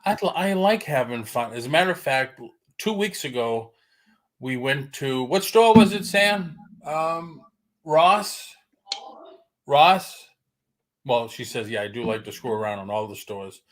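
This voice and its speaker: A man's voice: medium pitch, expressive, a little slow. Joking, chatty male livestream host. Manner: joking, chatty, reads viewer comments aloud. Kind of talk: casual chat. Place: home livestream.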